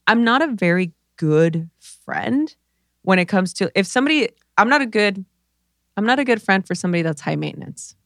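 A woman's voice: mid-range voice, animated, normal speed, dry recording, clean studio sound. A woman hosting a podcast, talking candidly and swearing freely as she acts out her own reactions. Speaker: podcast host. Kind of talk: casual chat.

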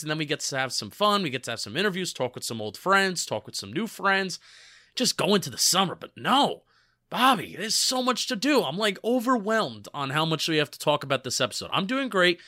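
Young male co-host, higher pitch and very animated, dry close mic. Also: no room sound. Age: young adult. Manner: animated, bright, reads sponsor plugs. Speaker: podcast co-host. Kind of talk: casual sports podcast chat.

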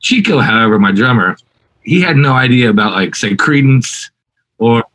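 Guy guesting on a podcast, bright punchy voice, rambling animated storytelling. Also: mid-range voice, normal speed, poor audio. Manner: animated anecdote-telling, lots of fillers and restarts. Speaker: guest musician. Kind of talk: casual interview storytelling.

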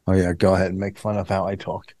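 A man's voice: low-pitched, monotone, fast, dark tone, dry recording. An older man co-hosting a comedy podcast, full of boastful jokes and mock bravado. He talks in loose, casual banter. The sound is close and dry, like a studio microphone in a dead room. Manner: boastful, joking. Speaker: podcast co-host.

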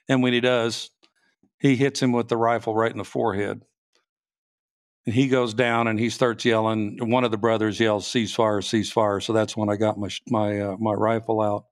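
A man, a state trooper, telling his story in a casual interview, halting and restarting sentences as he goes. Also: mid-range voice, no echo, studio quality.

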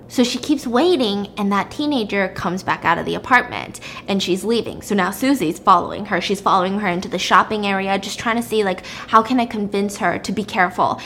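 A woman's voice: mid-range voice, lively intonation, a little fast, hardly any pauses, a bit bright, slight background noise. A woman recapping a story in a casual, chatty, blunt way, using "like" often.

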